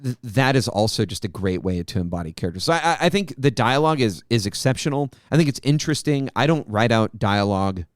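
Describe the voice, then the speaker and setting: A man's voice: medium pitch, expressive, quick pace, hardly any pauses, no echo, clean studio sound. A man co-hosting a podcast, giving earnest advice on tabletop game voices and repeating words as he builds his point. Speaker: podcast co-host. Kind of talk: casual podcast discussion.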